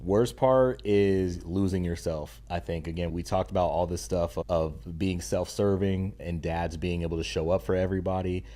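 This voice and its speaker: A man's voice: low-pitched, steady tone, moderate pace, few pauses, mellow. A young adult man speaking as a podcast guest in casual conversation, earnest and emphatic with a slangy way of talking. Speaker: podcast guest, stay-at-home dad and content creator.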